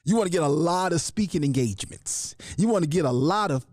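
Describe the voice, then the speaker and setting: Animated sing-song male live-stream host. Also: fairly high pitch, a little fast, no echo, studio quality. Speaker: host of a live online show. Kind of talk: live-stream talk with viewer shout-outs.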